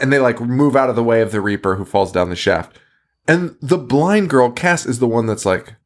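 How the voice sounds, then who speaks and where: Male podcast host, casual recap, animated pitch, giggly and profane. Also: normal speed. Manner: laughing often, swearing, rambling with restarts.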